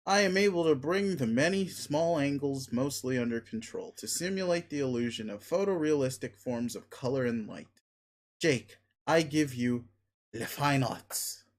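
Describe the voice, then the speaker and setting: A man's voice: medium pitch, moderate pace, close to an everyday voice. A man reading a webcomic aloud, voicing an arrogant, crude young male alien who talks in a pushy, sneering, blunt way. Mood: domineering.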